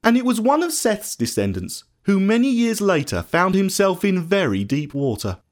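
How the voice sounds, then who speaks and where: A man narrates a scripted storybook in an earnest, expressive way. His voice sits on the higher side and swings widely in pitch. The reading is steady and heartfelt. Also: normal speed.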